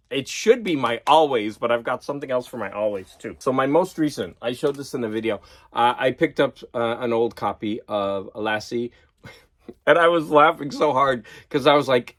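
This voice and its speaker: A man chatting casually in a vlog, excited and laughing at himself as he geeks out over comics. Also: medium pitch. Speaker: vlogger. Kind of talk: casual chat.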